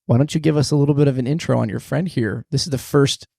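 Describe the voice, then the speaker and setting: A man hosting a casual podcast in a small studio, upbeat and jokey, talking in quick bursts. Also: medium pitch, gravelly, mellow, no room sound. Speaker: podcast host.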